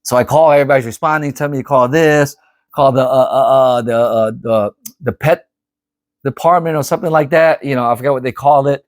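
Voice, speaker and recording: A middle-aged man telling a story to camera in a casual, animated, rambling way, often repeating himself. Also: mid-range voice, fairly quick, no echo, studio quality. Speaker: vlogger.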